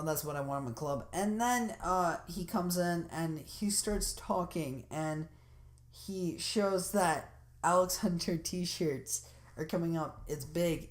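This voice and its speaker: A woman giving loose, rambling commentary over a video game, excited and full of fillers. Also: sits low. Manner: excited and enthusiastic. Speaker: gameplay commentator.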